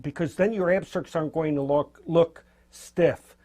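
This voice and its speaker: Husky-voiced man demonstrating painting. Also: a little high, normal speed, a little mellow. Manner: encouraging, loose and spontaneous, fires things in. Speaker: painting instructor.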